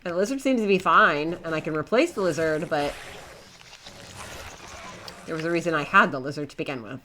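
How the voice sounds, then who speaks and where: Young woman streamer, super bright tone, chatty and flustered while she plays. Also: sits low, fairly quick, a little hiss or hum. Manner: chatty, flustered, talks to herself and her pets. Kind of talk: live gameplay commentary.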